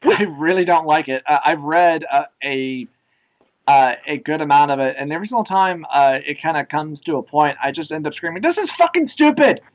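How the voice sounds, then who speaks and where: A man's voice: on the high side, a little fast, poor audio. A young man co-hosting a casual podcast chat, rambling with many ums and uhs. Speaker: podcast co-host.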